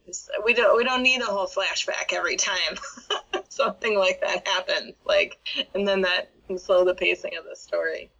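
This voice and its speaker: Woman cohost, lower voice, kinda hesitant, um and uh a lot, muffled lo-fi sound. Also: fairly even intonation, moderate pace, vocal fry, sharp tone. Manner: thoughtful, hesitant with fillers, reads listener replies. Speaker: podcast co-host. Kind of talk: casual chat about writing craft.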